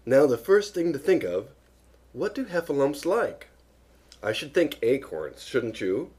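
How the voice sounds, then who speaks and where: A man's voice: medium pitch, sing-song, unhurried, darkish tone, husky, voice pushed up. Man doing a small fussy piglet. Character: small timid male piglet.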